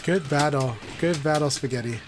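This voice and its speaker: A man's voice: on the high side, normal speed, music in the background. A man live-streaming a fighting game, chatting casually and encouragingly with viewers.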